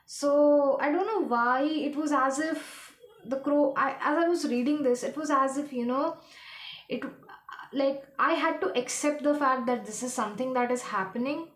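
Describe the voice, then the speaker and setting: A woman giving a casual tarot reading, rambling and halting as she hunts for her words. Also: high-pitched, reverberant. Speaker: tarot reader.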